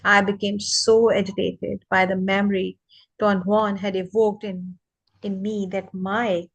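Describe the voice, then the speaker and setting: Woman reading aloud at a brisk pace. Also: mid-range voice, little pitch movement, highs cut off. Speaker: reader on a live reading.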